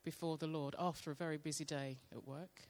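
Woman sharing devotional testimony, slow and meditative in delivery. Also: sits low. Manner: slow, calm, soft-spoken, meditative. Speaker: church member sharing testimony. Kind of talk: devotional testimony with guided prayer.

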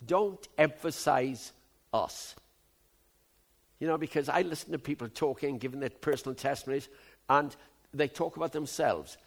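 A man in his seventies preaching a sermon, moving from low musing to loud, emphatic outbursts. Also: fairly quick, vocal fry. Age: 70s.

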